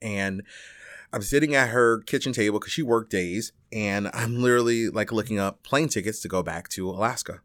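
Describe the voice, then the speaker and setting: At a moderate pace, a male teacher from Chicago shares a story from his own life, rambling and animated with frequent fillers, restarts and the odd curse. He acts out other people's words with big pitch shifts. There's no room sound; the audio is studio-clean.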